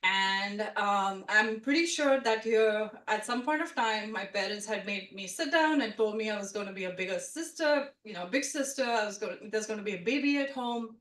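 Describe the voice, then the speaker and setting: A woman telling a personal story at a live story swap, chatty and animated, full of "like" and "you know". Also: medium pitch, normal speed, few pauses. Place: storytelling event room with a live audience. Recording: roomy sound from a distant mic.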